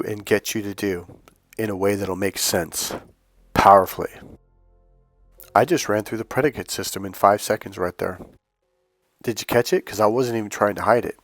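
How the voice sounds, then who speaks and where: A man's voice: on the low side, dry recording. Blunt swearing dating coach, man. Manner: blunt, swearing, acts out quoted voices. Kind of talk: casual direct-to-camera monologue.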